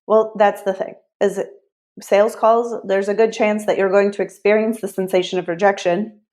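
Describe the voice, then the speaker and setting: A woman money mindset coach speaks as a podcast guest, explaining her ideas earnestly. Her pitch sits in a middle range, and she often pads her sentences with "like". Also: level tone, normal speed, darkish tone. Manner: earnest explaining, many "like" fillers.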